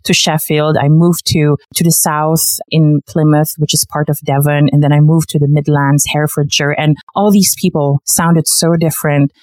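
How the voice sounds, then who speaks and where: Low-voiced chatty woman, laughing often. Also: moderate pace, hardly any pauses, no room sound. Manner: animated, laughs often, mixes in Tagalog. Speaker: guest. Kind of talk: casual interview chat.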